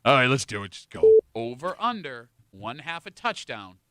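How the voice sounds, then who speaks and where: A man's voice: medium pitch, sing-song, normal speed, sharp tone, no room sound, clean studio sound. A man hosting a sports radio show, running the segment and teasing his co-hosts.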